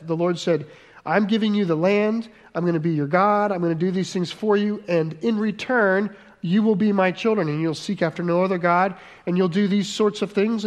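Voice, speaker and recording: A man preaching a sermon as pastor, earnest, slowing down for emphasis and acting out quoted voices. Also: sits high.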